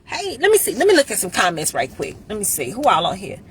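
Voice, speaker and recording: A middle-aged woman chatting casually with viewers on a livestream, heartfelt and emotional, pausing often with ums. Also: medium pitch, wildly swooping pitch, a little hiss or hum. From Chicago area. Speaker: vlogger and insurance agent. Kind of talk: casual live-stream chat with viewers. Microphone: phone.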